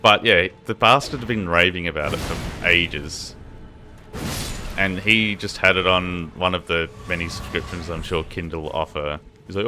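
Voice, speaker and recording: A man's voice: low voice, a little slow, over music. A young man streaming a game, chatting and rambling to his viewers in a casual, swearing way, sounding tired. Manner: rambling, swears a lot, chatty asides to chat. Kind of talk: casual gaming stream chat.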